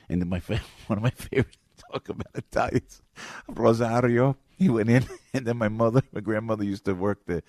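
A man hosting a radio talk show, telling animated stories and slipping into playful character voices. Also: lowish voice, no echo, clean studio sound. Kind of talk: casual storytelling chat.

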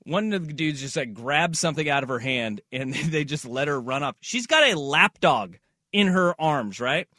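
Animated man telling a story on air. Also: fairly high pitch, normal speed, no room sound, studio quality. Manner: animated storyteller, acts out quotes. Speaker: radio show host. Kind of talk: casual studio banter.

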